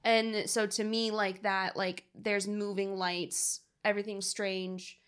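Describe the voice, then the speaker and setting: Woman co-host, casual film-review chat, relaxed and chatty, mid pitch. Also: takes it slowly, clear, resonant tone. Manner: relaxed, chatty, frequent "like" and laughs. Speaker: podcast co-host.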